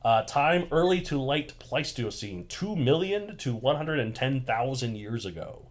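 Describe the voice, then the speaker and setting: A man's voice: mid-range voice, expressive, measured pace. A man hosting a podcast in casual chat, rambling and laughing often. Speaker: podcast host.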